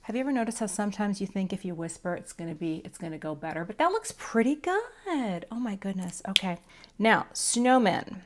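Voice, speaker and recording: A woman's voice: medium pitch, animated, a little fast, a little hiss or hum. A woman teaching card coloring in a casual, chatty talk-through, self-deprecating and muttering to herself as she works. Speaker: craft teacher.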